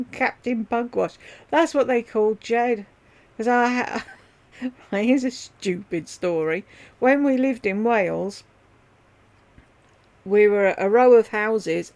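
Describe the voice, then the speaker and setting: A woman's voice: medium pitch, a little mellow. A woman hosting her own livestream from home, chatting loosely with viewers and addressing them by name as she rambles from one thing to the next. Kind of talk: casual livestream chat.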